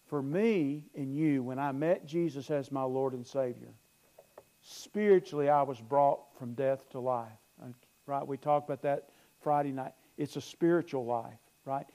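A pastor delivers an earnest sermon, his voice swelling loud before dropping low. He often repeats and restarts his phrases.

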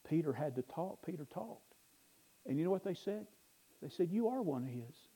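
Man, pastor, sermon, slightly high voice, earnest and emphatic. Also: mellow, rough recording. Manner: earnest preaching, rising to emphatic bursts, restarts words.

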